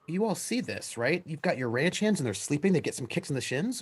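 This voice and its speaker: A husky game master running a tabletop session, the voice swinging widely up and down in pitch. The speaker narrates a western scene and keeps turning to the players with questions. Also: very animated, brisk.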